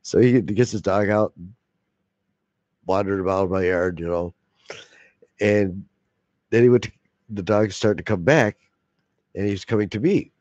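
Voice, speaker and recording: Laughing man telling a rough-edged story. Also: on the low side, a little slow, pauses often, dry recording, muffled recording. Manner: profane, laughing, animated storytelling. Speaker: video blogger. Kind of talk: casual storytelling.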